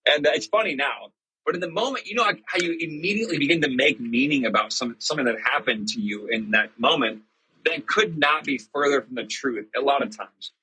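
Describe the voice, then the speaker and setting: A man's voice: medium pitch, brisk, sharp tone, breathy edge, rough recording. A middle-aged man telling a personal story in a casual, reflective monologue, chatty and self-deprecating with many fillers. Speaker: church podcast host.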